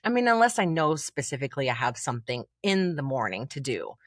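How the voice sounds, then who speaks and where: A woman coach speaking in a podcast interview, talking freely and acting out inner voices with big jumps in pitch. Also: sing-song, fairly quick, no echo, studio quality. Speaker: confidence coach guest.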